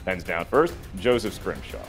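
A man's voice: low-pitched, wildly swooping pitch, normal speed, soft background music. A man hosting a live trivia quiz with playful banter, counting down answers and teasing the contestants. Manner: playful, jokey, counts down timers. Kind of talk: game show hosting with banter.

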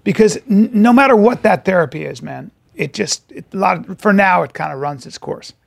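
A man's voice: sits high, animated, brisk, gravelly, dry recording. A man co-hosting a podcast, telling profane stories in casual chat and acting out the voices of the people in them. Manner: profane storyteller, acts out quoted voices. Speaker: podcast co-host.

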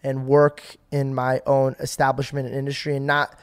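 A man in his twenties co-hosting a podcast, chatting casually in a rambling, excitable way, full of fillers and quick to laugh. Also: medium pitch, clean tone. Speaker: podcast co-host. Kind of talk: casual chat.

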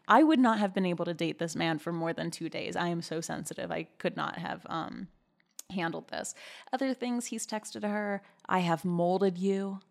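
A woman's voice: fairly low pitch, moderate pace, vocal fry. A woman hosting a podcast in a casual, chatty gossip style, giggling and reacting with big, exaggerated disbelief. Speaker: podcast host.

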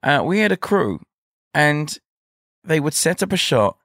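A man's voice: fairly high pitch, big pitch swings, unhurried, a bit bright, dry recording, clean studio sound. A man co-hosting a podcast in casual chat, talking enthusiastically. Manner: enthusiastic, retells with acted quotes. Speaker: podcast co-host.

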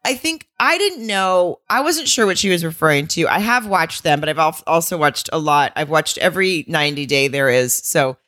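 A woman with a low voice co-hosts a chatty podcast, laughing easily as she retells TV scenes. Her voice sits close and dry, with no room sound around it. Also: expressive, normal speed, few pauses, a bit bright, no room sound. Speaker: podcast co-host. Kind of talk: casual chat.

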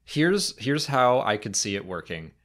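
A man co-hosting a casual fan podcast, talking through questions and often slipping into quick, playful impressions. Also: mid-range voice. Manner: animated, jumps into funny impressions. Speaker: podcast co-host.

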